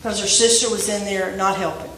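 A woman preaching a sermon to her congregation, animated and asking them questions. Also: mid-range voice, brisk. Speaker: pastor. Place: church sanctuary. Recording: echoey room, voice from a distance.

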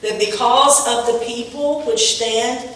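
A woman preaching a sermon in church, telling a story and rising to shouts on key points. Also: a little high, steady tone, slow pace. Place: church sanctuary. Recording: echoey room from far off.

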